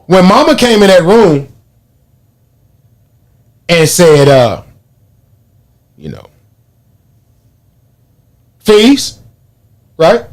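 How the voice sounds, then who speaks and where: A man's voice: high voice, unhurried, pauses often. A man, hosting a podcast and telling profane stories in casual chat. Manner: animated storytelling, profane, laughs often. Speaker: podcast host.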